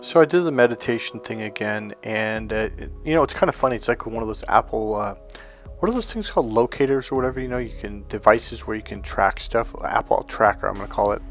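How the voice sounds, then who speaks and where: A man's voice: on the low side, animated, fast, soft background music. A middle-aged man telling a personal story in a casual, rambling way, full of restarts and fillers. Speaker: life coach and hypnotherapist.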